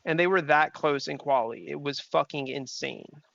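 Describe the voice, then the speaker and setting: A man's voice: on the high side, moderate pace, gravelly, fairly bright tone, no echo. A young man streaming a sim race, chatting casually with his chat, reading messages aloud and swearing freely. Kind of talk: casual livestream chat while racing. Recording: dull, slightly lo-fi stream audio.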